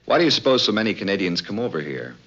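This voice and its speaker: A man interviewing guests for a documentary with brisk, polite questions. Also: lowish voice, sing-song, fairly bright tone, a little hiss or hum. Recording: dull lo-fi 1950s film sound.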